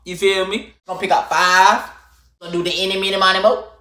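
A young man telling a storytime vlog to camera, animated and slangy, swinging from loud rants to low muttering. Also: fast, reverberant. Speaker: vlogger.

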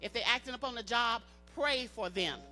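With faint music behind her, a woman preaches at a church service in a fairly high, sharp voice at normal speed. Her sermon is emphatic, repeating phrases and calling on the congregation to answer back.

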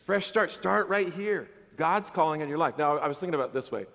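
A man preaching a sermon as pastor, animated and conversational, with playful asides to the congregation. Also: fairly high pitch, brisk, gravelly, long reverb tail. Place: church sanctuary.

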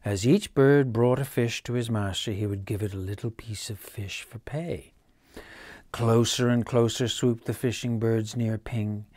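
A man reads a children's bedtime story aloud in a gentle, measured way. His voice sits at a middle pitch, and he drops to a near whisper at the quiet moments. The recording is dry and close, with no room sound. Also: fairly even intonation, no room sound.

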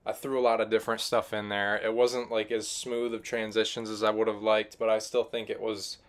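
A man's voice: on the low side, flat delivery, a little fast. A young man telling comic stories about everyday social moments in a rambling, casual vlog style. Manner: rambling, conversational, lots of fillers. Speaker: vlogger. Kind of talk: casual comedic storytelling.

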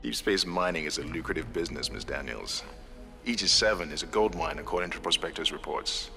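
A deep-voiced commanding captain. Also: male voice, vocal fry, pushed and bright, in a large hall, soft background music, full character voice. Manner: brisk, authoritative. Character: confident male ship commander. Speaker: spaceship commander.

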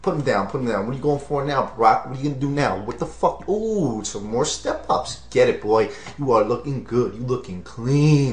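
A man's voice: mid-range voice, lively intonation, fairly quick, few pauses, slight background noise. A man doing mocking, profane commentary over a video, hyped and teasing. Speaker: comedic commentator. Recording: roomy echo.

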